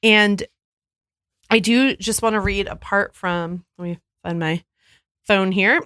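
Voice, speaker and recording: A woman co-hosts a casual podcast and retells stories with gusto, slipping into little voices for the people she quotes. Her pitch sits in an ordinary middle range. The sound is close and dry. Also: slow, clear, resonant tone, no echo. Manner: animated storyteller who acts out quoted voices. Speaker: podcast co-host. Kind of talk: casual chat.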